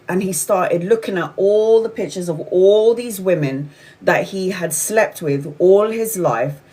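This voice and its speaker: A woman's voice: lowish voice, rough recording. A tarot reader, a woman, telling a story casually with many restarts and fillers.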